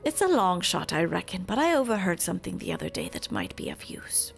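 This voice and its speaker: Laid back merchant guy, folksy, kinda gravelly, woman doing him. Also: fairly low pitch, sing-song, a little fast, faint music behind, exaggerated voice. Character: chatty male traveling merchant.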